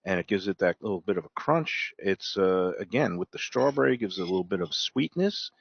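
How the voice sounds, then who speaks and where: A man's voice: sits low, lively intonation, brisk, creaky, breathy edge, no echo, dull audio. A male TV host chatting enthusiastically about food and drinks, joking about himself. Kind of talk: casual food chat on a TV segment.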